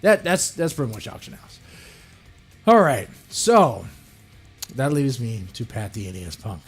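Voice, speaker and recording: A man hosting a podcast, ranting crudely and profanely, mocking others in sudden loud put-on voices. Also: medium pitch, big pitch swings, unhurried, husky, faint music behind. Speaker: podcast host. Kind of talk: ranting solo podcast commentary.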